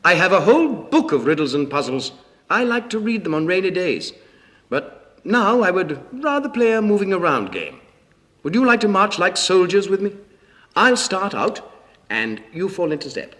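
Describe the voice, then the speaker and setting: Lively, teasing man leading children's games. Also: sits high. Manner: playful, teasing and brisk in patter. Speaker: playmate and game leader on a children's record. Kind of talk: children's record, spoken games and tongue twisters.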